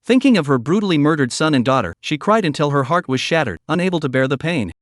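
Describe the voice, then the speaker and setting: Lively male story recap narrator. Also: a little high, quick pace, dry recording, studio quality.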